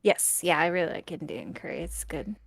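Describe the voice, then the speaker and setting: A woman chatting casually on a talk show, animated, laughing and swearing casually. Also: sits low, fairly quick, no room sound, studio quality. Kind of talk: casual chat.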